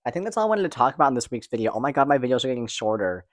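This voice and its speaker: A man's voice: mid-range voice, sing-song, no room sound. Chatty young man vlogging, dry close sound. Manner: chatty, fast-talking, candid with casual swearing. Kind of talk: casual personal vlog.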